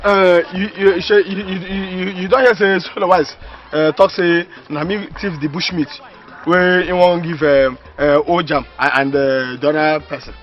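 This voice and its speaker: A man's voice: high voice, level tone, moderate pace, highs cut off, close to an everyday voice. An actor with a Nigerian accent playing an indignant village man, accused of theft, who stammers and makes threats. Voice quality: hesitant, stammering, then threatening. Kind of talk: Nollywood comedy film acting. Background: faint background music.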